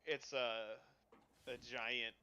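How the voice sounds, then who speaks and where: An American man at a mid-range pitch who plays at the table, chatting casually between scenes. He throws in short, jokey quips, and a faint noise sits behind him. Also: flat delivery, extremely slow, sharp tone. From United States. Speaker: player.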